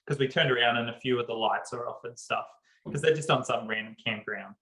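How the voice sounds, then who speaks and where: A man's voice: mid-range voice, normal speed, bright, forceful tone, echoey room, low-quality recording. This is a man in his thirties who tells a story with real energy and laughs often as he talks. He sits in the middle of the usual range for a man's voice, and he slips into little acted quotes of what other people said. It comes across as a casual podcast chat between co-hosts. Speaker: podcast co-host.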